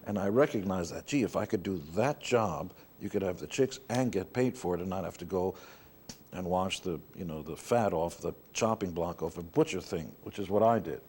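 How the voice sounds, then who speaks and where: A middle-aged New Yorker appears as an interview guest, telling candid stories in a blunt, wry manner with playful put-on voices. His voice is fairly low, husky, dark and mellow, at a normal speed.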